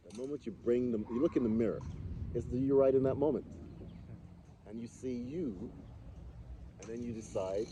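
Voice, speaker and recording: A podcast co-host, male, chats casually but earnestly and philosophically, repeating phrases for emphasis. His mid-range voice is mellow, moving at a moderate pace with frequent pauses, over a noisy background.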